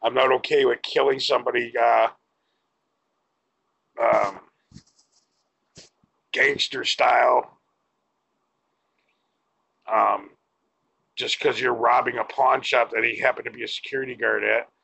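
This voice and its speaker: A man's voice: mid-range voice, steady tone, unhurried, creaky, pauses often, sharp tone, slightly rough, lo-fi sound. A man giving a blunt, profane opinion rant to camera as a vlogger.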